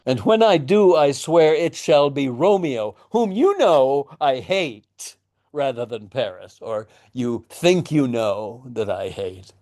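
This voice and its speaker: A man's voice: mid-range voice, sing-song, takes it slowly, darkish tone, voice pushed up. A man reading the part of a desperate young girl, urgent and pleading. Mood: defiant.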